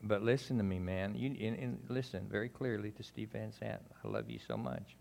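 A man preaching a sermon in a folksy, conversational way, talking straight to his congregation, now emphatic, now quiet and intimate. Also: fairly low pitch, animated, fairly quick, vocal fry. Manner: swings between emphatic and quiet, intimate delivery. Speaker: pastor.

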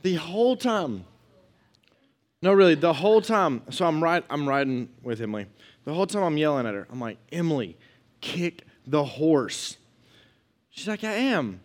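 A young man preaches in a loose, conversational way, telling a comic story before turning it into a lesson. His voice sits a little high for a man and swings freely in pitch. The delivery is lively and informal. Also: fairly quick. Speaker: pastor. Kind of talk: sermon.

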